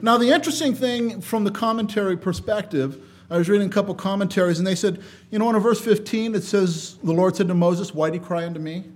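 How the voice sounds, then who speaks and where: A man preaches with a notably high-pitched voice. His delivery is dynamic, rising into loud emphasis and dropping to quiet asides. When reading scripture, he slows into a measured cadence. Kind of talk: sermon.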